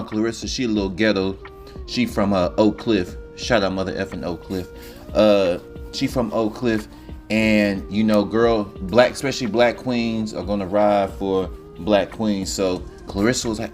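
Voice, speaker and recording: A man's voice: fairly low pitch, moderate pace, faint music behind. A man telling a comedic story in a loose, rambling, profane way.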